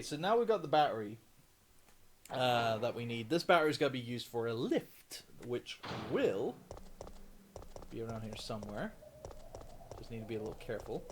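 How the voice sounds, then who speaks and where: A man's voice: medium pitch, slight background noise. A Scottish man casually commenting on a live game stream, rambling and correcting himself as he plays. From Scotland. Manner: rambling, self-correcting, giggly.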